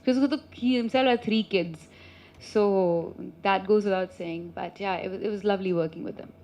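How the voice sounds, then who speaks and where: A woman, an actress at a press meet, telling stories in an animated, teasing way and often breaking into laughter. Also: mid-range voice, normal speed. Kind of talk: chatty press meet answers. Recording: muffled lo-fi sound.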